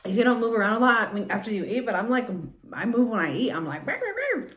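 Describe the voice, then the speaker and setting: A woman's voice: fairly high pitch, quick pace, a bit bright. A woman vlogger chatting casually and rambling while she eats on camera. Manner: chatty, rambling, mouth full between lines. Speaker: mukbang vlogger. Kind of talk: casual eating chat. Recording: echoey room.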